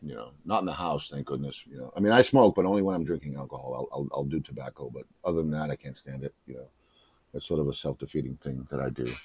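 A man's voice: rumbling low, fast, a little mellow, husky, no room sound. A middle-aged man from South Boston with a Boston accent, telling his own story candidly, emotional and profane with many restarts. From South Boston, USA. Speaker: memoir author, guest.

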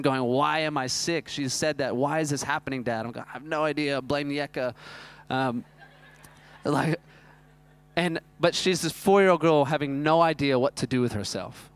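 A man, preaching a sermon that is built around a self-mocking personal story told in an animated way. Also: mid-range voice, smooth. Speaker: pastor.

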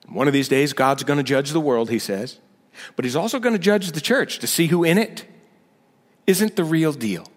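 In a church sanctuary, a senior male pastor delivers a conversational sermon laced with sarcastic asides, working up to emphatic points. His voice sits a little high and is animated, moving at a normal speed, and the big hall gives it a long reverb.

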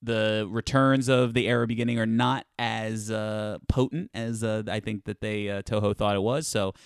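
A man with a lowish, smooth and resonant voice co-hosts a podcast in easy casual chat. He rambles, filling gaps with ums and circling back on his sentences. The sound is close and completely dry. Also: fairly even intonation, normal speed, dry recording. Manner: rambling, many ums and restarts. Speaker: podcast co-host.

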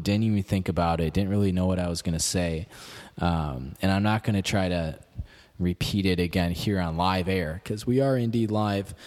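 A man's voice: deep voice, darkish tone, big-room sound. A man with a Chicago accent hosting a podcast, rambling through jokey, digressive asides in a casual monologue. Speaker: podcast host.

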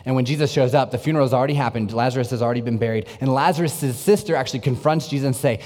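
A man preaching a sermon in an earnest way, moving between lively bursts and hushed, intense passages. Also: medium pitch, very fast, few pauses. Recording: long reverb, echoey hall.

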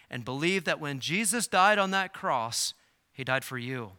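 Impassioned high-voiced male preacher. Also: animated, clean tone. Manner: swings from loud impassioned peaks to hushed, slow pleading. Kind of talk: evangelistic sermon. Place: church or meeting hall with a live congregation.

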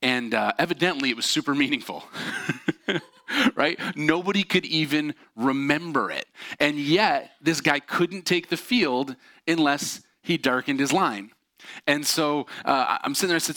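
A man's voice: fairly high pitch, moderate pace, bright, forceful tone. A man preaching a sermon, telling a story and acting out the voices of the people in it. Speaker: pastor.

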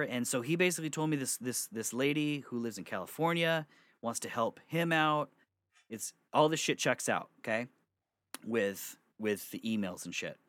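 A young man in his bedroom telling a story for his vlog, animated and swearing freely. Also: mid-range voice, normal speed, no room sound. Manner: animated, swearing, breaks into laughter. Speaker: vlogger.

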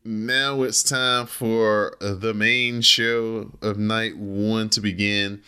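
Slow, bright-voiced male podcast host. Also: on the low side, level tone, clear, resonant tone. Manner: laid-back, reads results and jokes with co-hosts. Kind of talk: casual wrestling podcast chat.

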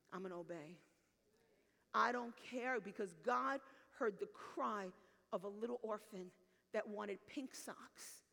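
A woman's voice: on the high side, creaky, a bit bright, long reverb tail. A woman pastor preaching a sermon, telling a story and acting out the voices in it, then building to fervent calls to her listeners. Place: church sanctuary.

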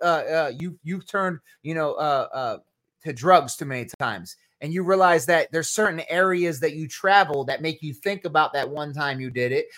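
A man from New Jersey leads a podcast, preaching with firm conviction. His voice sits a little high and jumps up sharply on stressed words. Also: fairly bright tone. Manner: emphatic, rising to bursts of emphasis. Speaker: podcast host.

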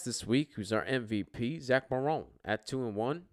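A man's voice: mid-range voice, expressive, moderate pace, no room sound, clean studio sound. A man hosting a casual podcast, brash and joking, swearing freely as he runs through rankings. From US East Coast. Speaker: podcast host and league commissioner. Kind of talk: casual, profane commentary.

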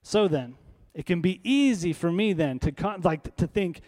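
A man's voice: high voice, moderate pace, few pauses, darkish tone. A man preaching a sermon as pastor, in a conversational, emphatic style full of rhetorical questions.

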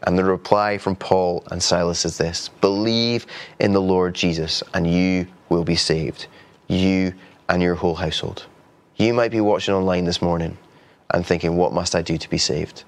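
A man's voice: low voice, steady tone, moderate pace. A man preaching a sermon in an earnest, conversational way, with frequent restarts. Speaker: pastor.

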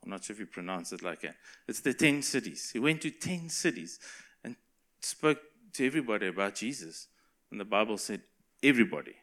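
This man delivers a sermon in a bright, forceful voice, earnest and encouraging. He talks loosely, restarting his phrases and laughing lightly now and then. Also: on the low side, lively intonation, brisk. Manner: earnest, encouraging, with self-corrections and small laughs. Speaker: preacher.

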